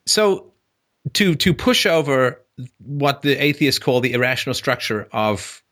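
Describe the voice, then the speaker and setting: A man hosting a call-in show, talking in an animated, joking way with frequent restarts. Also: medium pitch, unhurried. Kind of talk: casual call-in conversation.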